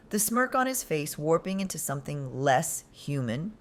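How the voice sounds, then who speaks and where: A woman narrating a dramatic first-person story, emotional and sometimes dropping into breathy whispers. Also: low-pitched, very animated, measured pace.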